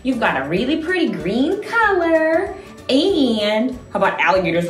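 In an echoey room with faint music behind her, a young children's educator hosts a learning video in a playful, exaggerated style. Her high voice is sing-song and a little slow.

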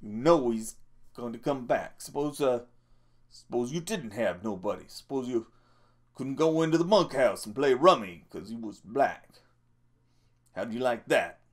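A man's voice: mid-range voice, lively intonation, unhurried, voice pushed up. A man voicing a lonely, bitter older stable hand who drawls in stammered rural speech.

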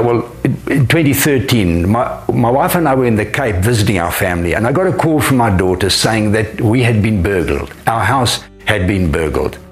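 Older pastor, lively emphatic delivery. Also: male voice, medium pitch. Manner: emphatic, rising on key phrases. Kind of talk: sermon.

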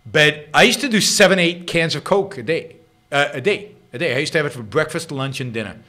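A man's voice: on the high side, lively intonation, a little fast, sharp tone. A middle-aged man with an Israeli accent hosting his own show, answering listener questions in emphatic, unscripted commentary full of repeats and restarts.

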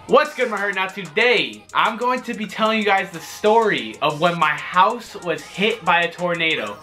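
A young man, excitedly telling a story on his vlog, swearing and exaggerating. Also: high-pitched, moderate pace, few pauses, over music. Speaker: vlogger.

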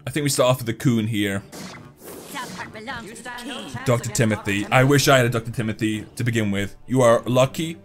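A young man commenting on his own mobile game matches, excitable, swinging between hype and grumbling and swearing when things go wrong. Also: medium pitch. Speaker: gaming YouTuber. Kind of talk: gameplay commentary. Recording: faint music behind.

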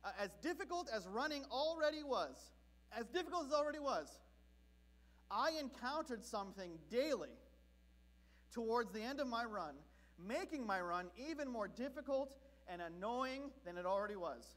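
A man from Southern California preaching a sermon as pastor, telling a story in an animated, comic way. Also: extremely high pitch, moderate pace.

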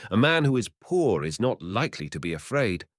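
A man's voice: fairly low pitch, sing-song, brisk, dry recording, studio quality, pitched above the performer's own voice. A man voicing an angry young male hunter who scolds and threatens. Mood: scornful.

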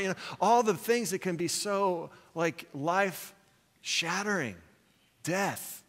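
Lively preacher man in an echoing church. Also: fairly high pitch. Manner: animated storytelling, retells film scenes with quoted lines. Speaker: pastor. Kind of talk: sermon. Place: church sanctuary.

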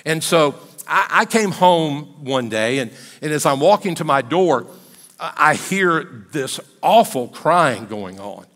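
A man's voice: on the high side, lively intonation, slow pace, a bit bright. An older man, a pastor, telling a story in a sermon in a plain, conversational, folksy way. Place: church sanctuary. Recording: long hall reverb in a church.

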